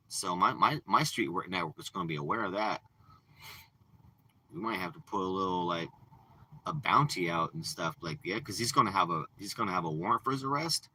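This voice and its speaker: A man's voice: low-pitched, animated, fairly quick, bright, forceful tone, slight background noise, rough recording. A man ranting and boasting in casual, profane, rambling livestream chat from inside a parked RV, talking into a phone. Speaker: live streamer.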